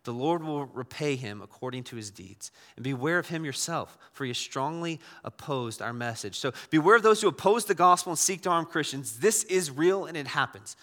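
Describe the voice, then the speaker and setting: A male pastor delivering a sermon in a bright, forceful voice that sits a little high for a man. He talks in a loose, conversational way, often restarting and repeating words. The sound carries a long reverb from a large hall. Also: lively intonation, a little fast, few pauses.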